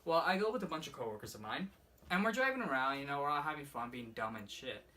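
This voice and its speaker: A young man casually rambling through a personal ghost story for his vlog, swearing often and filling every pause with "like". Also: fairly high pitch, animated, sharp tone. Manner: rambling, profane, heavy use of "like". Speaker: vlogger. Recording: slightly distant mic with faint room noise.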